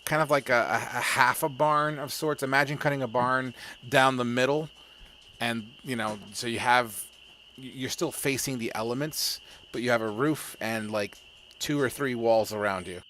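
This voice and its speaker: A man's voice: medium pitch, moderate pace, sharp tone, slight background noise. A man narrating a tabletop game as game master in a casual, chatty way. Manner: casual, chatty, laughs often, many fillers.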